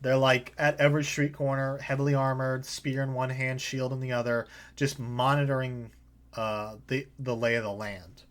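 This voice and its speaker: Male game master, relaxed narration, mid pitch, lots of "uh" and "like". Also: moderate pace. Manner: casual, filler-heavy narration.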